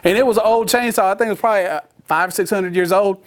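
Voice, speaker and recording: A man's voice: high-pitched, quick pace. A middle-aged man, preaching a sermon in a humorous, folksy storytelling manner.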